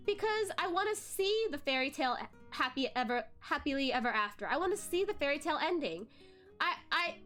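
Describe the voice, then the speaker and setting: A woman's voice: high-pitched, bright, forceful tone. A young adult woman hosting a VTuber channel, chatting casually and emotionally to her viewers, with fillers and laughs. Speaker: VTuber host. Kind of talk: casual chat to viewers, venting about a drama. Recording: faint background music.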